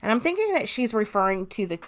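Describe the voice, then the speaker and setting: A woman's voice: on the high side, very animated, fast. A woman hosting a podcast, reading an interrogation transcript aloud and breaking off for casual spoken asides. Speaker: podcast host. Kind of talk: true crime podcast narration.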